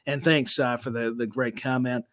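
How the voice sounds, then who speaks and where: A man's voice: mid-range voice, fairly even intonation, moderate pace, fairly bright tone. A man co-hosting a wrestling podcast in casual chat, rambling and restarting his sentences often. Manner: rambling with many restarts and stammers. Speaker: podcast co-host.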